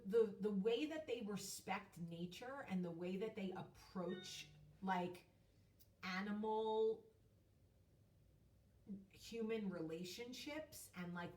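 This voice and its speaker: A woman's voice: medium pitch, far from the mic. Chatty woman in an echoey room. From United States. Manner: chatty, emphatic storytelling with casual swearing. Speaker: host. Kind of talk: casual vlog monologue.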